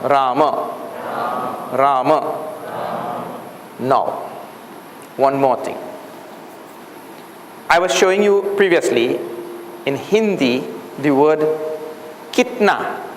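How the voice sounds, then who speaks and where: A man's voice: fairly high pitch, lively intonation, slow pace, pauses often. A man teaching a Sanskrit class, patiently explaining and repeating words for the students, asking them questions as he goes. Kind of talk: classroom lecture. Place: classroom or hall. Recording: echoey hall, faint room noise.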